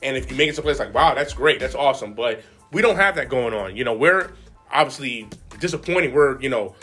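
A man's voice: mid-range voice, expressive, fast talker, bright, forceful tone, husky, soft background music. A man co-hosting a casual sports podcast, talking emotionally and rambling with restarts. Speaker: podcast co-host.

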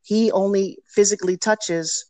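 A middle-aged woman, a personal development teacher, telling stories in an energetic, emphatic way as a guest in a casual interview. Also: mid-range voice, unhurried, no room sound.

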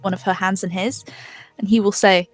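A woman's voice: medium pitch, fairly even intonation, moderate pace, faint music behind. A woman playing a tabletop game, describing her character's actions tentatively. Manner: tentative, thoughtful. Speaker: player. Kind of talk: tabletop role-play.

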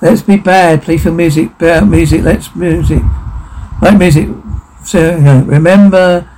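A man reading out a video's on-screen captions, moving in a flat, running way between spoken lines and sound cues. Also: a little high, a little slow, a little hiss or hum, rough recording. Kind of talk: reading out captions and dialogue aloud.

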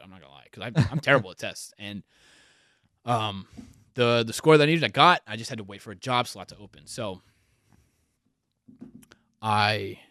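A young man casually telling stories as a podcast guest, animated and swearing often. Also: on the low side, no room sound, clean studio sound. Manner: swears a lot, animated, laughs through stories. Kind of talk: casual storytelling chat.

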